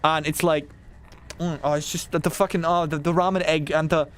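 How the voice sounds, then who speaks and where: A young man, chatting casually and ranting excitedly to his chat while streaming a game, swearing freely. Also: on the high side, fairly quick.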